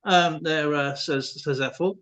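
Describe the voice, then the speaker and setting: A man's voice: a little high, a little slow, a bit bright. A man hosting a stream in casual chat, telling rambling jokes and laughing often. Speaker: stream host.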